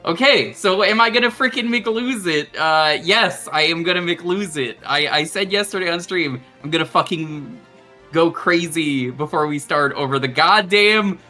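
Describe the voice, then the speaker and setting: A man from Long Island with a bright, forceful voice that sits a little high, chatting while streaming a game. He rants excitably and swears freely. Faint music plays underneath. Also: moderate pace. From Long Island, New York. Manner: excitable, profane ranting. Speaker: streamer host.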